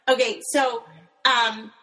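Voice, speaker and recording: A middle-aged woman with a bright, forceful voice pitched a little high. She talks in a lively, story-telling way, laughing often during casual panel chat. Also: rough recording. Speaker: panel guest, puppeteer.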